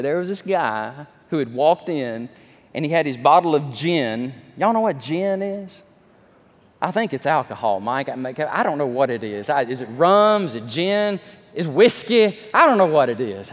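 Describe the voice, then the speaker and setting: A male pastor, his voice pitched a little high for a man. He preaches animatedly, with joking asides about himself. The sound rings with the long reverb of a large sanctuary. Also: moderate pace. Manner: animated storytelling, self-deprecating asides. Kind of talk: sermon.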